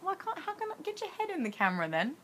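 A young woman with a bright, crisp voice talks casually to the camera for her daily challenge vlog. She is chatty and giggly, and she keeps teasing her husband, who stays off camera. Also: very high voice, huge pitch swings, quick pace. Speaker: vlogger.

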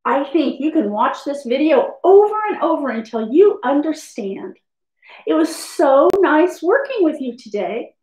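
A woman's voice: high voice, big pitch swings, measured pace, darkish tone, echoey room, low-quality recording. A woman teacher giving a lesson to young children in a sing-song, encouraging way.

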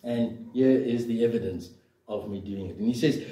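Preaching in a church hall, this male pastor speaks at a normal speed with a lowish, warm voice. His sermon is emphatic and full of rhetorical questions, and the room's echo makes him sound distant.

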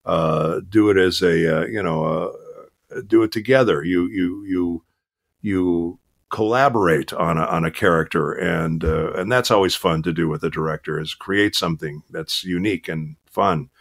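Low-voiced older man telling stories. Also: normal speed, creaky. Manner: relaxed storytelling with many fillers. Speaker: voice actor guest. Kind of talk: casual interview chat.

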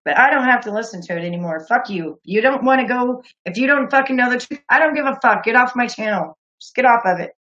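A woman's voice: fairly high pitch, expressive, quick pace, few pauses, a bit bright, highs cut off. A woman hosting a call-in livestream, talking bluntly with angry outbursts and lots of swearing. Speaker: livestream host taking calls.

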